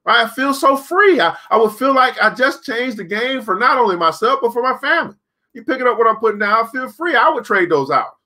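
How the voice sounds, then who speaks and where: Bright-voiced man hosting a live class. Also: very high voice, animated, a little fast. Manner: preachy, repetitive, reads out viewer comments. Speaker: host of a live crypto trading class stream. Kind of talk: casual live-stream talk.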